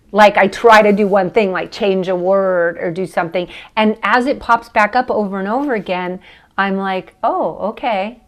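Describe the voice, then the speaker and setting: An American woman speaks as a podcast guest in a relaxed, conversational way. She laughs often and thinks out loud as she explains things. Her voice sits at an ordinary middle pitch. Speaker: podcast guest, chakra teacher. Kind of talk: casual interview conversation.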